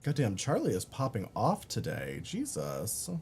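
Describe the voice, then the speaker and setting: Brief: male streamer from Baltimore, light Baltimore accent, swears freely, talks to chat in an animated up-and-down voice. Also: lowish voice, unhurried, faint music behind. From Baltimore, USA. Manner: profane, chatty, reads chat aloud. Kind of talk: casual gaming stream chat.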